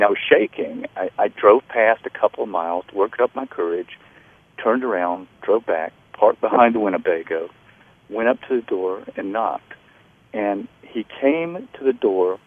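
Man, middle-aged, author guest, earnest halting storyteller, from North Carolina, phone-line radio audio. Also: fairly low pitch, no room sound. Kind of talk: storytelling interview.

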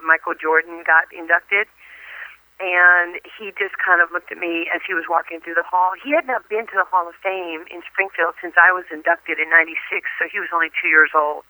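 A middle-aged woman from New York, a guest in an interview, telling lively stories and laughing often. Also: fairly low pitch, no echo, poor audio. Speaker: interview guest, former athlete. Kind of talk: phone interview, storytelling.

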